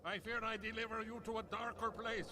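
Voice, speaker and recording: A man's voice: high voice, flat delivery, a little fast, close to an everyday voice. An actor voicing a mystical male alien guide in a video game, speaking in formal, solemn blessings. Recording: game audio under loud noise.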